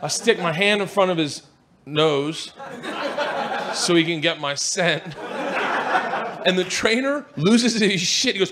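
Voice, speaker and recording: Man, stand-up comedian, high lively voice, live stage storytelling, loud crowd laughter and noise behind. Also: a little slow, long pauses. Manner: animated, acts out other people's voices, shouts at peaks. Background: audience laughter and noise.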